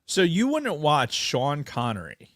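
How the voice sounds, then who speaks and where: A man's voice: fairly high pitch, huge pitch swings, unhurried, a bit bright, dry recording, clean studio sound. Wry, rambling podcast co-host man. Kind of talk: casual chat.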